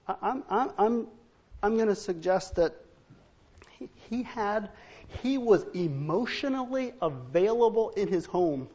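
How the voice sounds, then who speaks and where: A man's voice: sits high, expressive, unhurried, warm tone, slightly rough. A male preacher delivers a sermon with humor. He acts out Bible scenes and household arguments in different voices. The recording sounds dull and muffled. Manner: humorous asides to the congregation.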